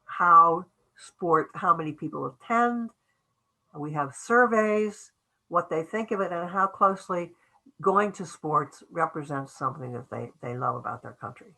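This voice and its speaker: An older woman teaching an online writing class in a low, husky voice with a bright, forceful edge. She talks loosely and conversationally, trailing off, restarting, and acting out little quoted lines. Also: unhurried, low-quality recording. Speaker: academic writing lecturer. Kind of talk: webinar lecture.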